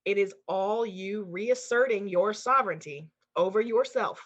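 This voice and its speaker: Woman co-host, emphatic and animated, casual cursing, mid pitch, dull lo-fi audio. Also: measured pace. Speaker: co-host, intuitive channeler. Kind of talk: casual podcast chat. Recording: dull lo-fi sound.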